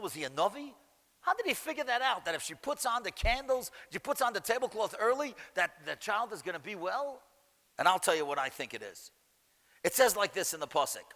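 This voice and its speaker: A man, a rabbi, telling a story to an audience in a lively way and acting out the voices of the people in it. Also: sits high. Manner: animated storyteller acting out dialogue. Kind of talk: storytelling lecture. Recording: echoey hall reverb.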